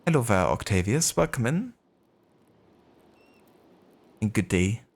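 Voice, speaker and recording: Deep-voiced German streamer, joking asides. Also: male voice, big pitch swings, a little fast. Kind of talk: live game playthrough commentary.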